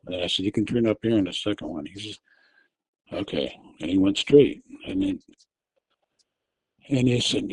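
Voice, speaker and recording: Man telling a story, mellow dry voice. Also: on the low side, husky, dry recording, poor audio. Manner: relives the moment, shouting quoted directions loudly and urgently; halting, with restarts and fillers. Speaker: guest telling a personal story. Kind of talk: casual spoken storytelling.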